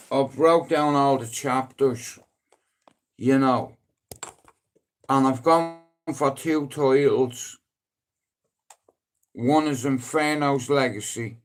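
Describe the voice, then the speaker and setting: A middle-aged man with a Dublin accent rambling on a casual live stream, swearing freely and breaking into loud emphatic outbursts. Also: mid-range voice. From Ireland.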